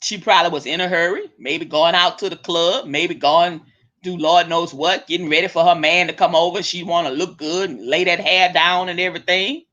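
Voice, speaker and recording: A woman hosting her own show, ranting bluntly and swearing freely, with sharp swings up and down in pitch. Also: steady tone, normal speed. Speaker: host. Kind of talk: profane ranting monologue. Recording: dull lo-fi recording.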